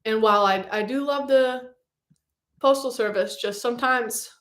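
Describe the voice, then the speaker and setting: A woman's voice: fairly high pitch, moderate pace, roomy sound. A woman hosting a casual livestream, chatty and bubbly as she reads and answers viewer comments. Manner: chatty and bubbly, with loud excited reactions. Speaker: livestream host.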